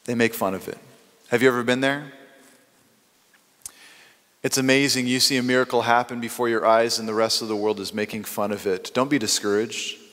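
Male preacher, mid pitch, animated, loud and soft swings, long hall reverb. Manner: animated storytelling with quick swings in loudness. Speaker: pastor. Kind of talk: sermon.

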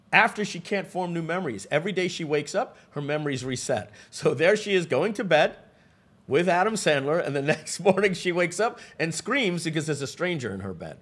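A man presenting a live webinar, telling stories with lively asides to the audience and frequent restarts. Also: fairly high pitch, slightly rough.

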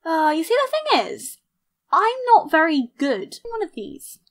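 A young woman chatting casually through her life-sim game, excitable and mock-outraged, laughing often. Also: very high voice, a little slow. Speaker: gaming YouTuber. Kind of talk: casual let's-play commentary.

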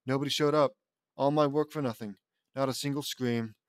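A gloomy goth girl with a flair for the spooky, as a man reads her lines, raised a little in pitch and louder than his narration. it sounds like a fan-made storybook audiobook. the voice is close and dry. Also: fairly even intonation, brisk, smooth, dry recording, natural voice. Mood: glum. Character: gloomy goth girl running a haunted maze.

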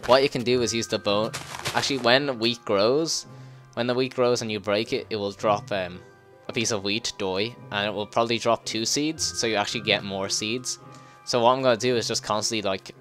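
A man giving casual gameplay commentary, excitable, swearing and laughing as he plays. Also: fairly low pitch. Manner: excitable, swears and laughs, quick yelps when startled. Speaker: let's play gamer.

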